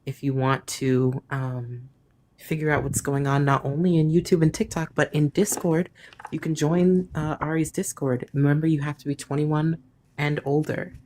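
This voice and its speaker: A co-host on a livestream making announcements, slow and measured with a few fillers. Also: medium pitch, little pitch movement, a little mellow.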